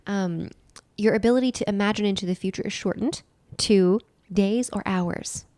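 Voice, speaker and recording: A woman talks through an idea step by step in a relaxed podcast chat, circling back to repeat the key phrases. Her voice sits at a medium pitch and sounds close and dry, with no room in it. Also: normal speed, no room sound. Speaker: podcast co-host and nutritional therapist. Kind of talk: casual explanatory podcast chat.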